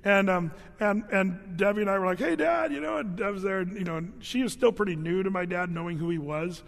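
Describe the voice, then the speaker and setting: High-voiced man preaching casually in a hall. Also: a little fast, creaky. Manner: casual, conversational, humorous storytelling; frequent fillers and restarts. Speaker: pastor. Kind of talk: sermon.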